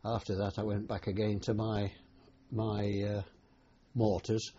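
The speaker, an older veteran, delivers his war memories in a completely flat, mellow voice on the low side. His oral-history telling is plain and slow, with hesitations throughout. Dull lo-fi audio carries slight background noise.

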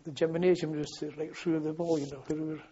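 A man's voice: fairly high pitch, little pitch movement, quick pace, mellow, slight background noise. An older man, recalling his army days in a rambling way, repeating words and chuckling. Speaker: interviewee recalling army service. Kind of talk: oral history reminiscence. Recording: dull lo-fi archive tape.

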